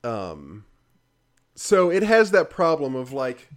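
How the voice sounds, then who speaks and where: A man's voice: mid-range voice, huge pitch swings, takes it slowly. A man in casual conversation, rambling through a critical game review with lots of fillers and the odd laugh. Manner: rambling, heavy use of fillers, frequent laughs; dry, critical.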